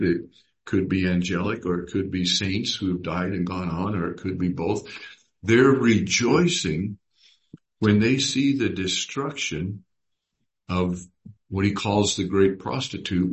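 Man, Bible study teacher, low voice, slow and deliberate, reads verses, asks questions. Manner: unhurried, reads scripture aloud and asks the group questions.

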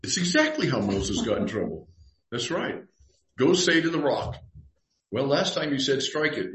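Conversational pastor in an echoey room. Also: male voice, mid-range voice, huge pitch swings, normal speed, a bit bright. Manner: reads scripture aloud and acts out dialogue. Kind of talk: conversational Bible study teaching. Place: church room. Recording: roomy echo.

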